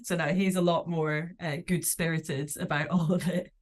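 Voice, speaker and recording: Scottish woman telling lively stories. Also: low-pitched, moderate pace. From Scotland. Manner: lively storytelling, laughs often, puts on voices for quotes. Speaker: comedian guest. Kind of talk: casual podcast chat.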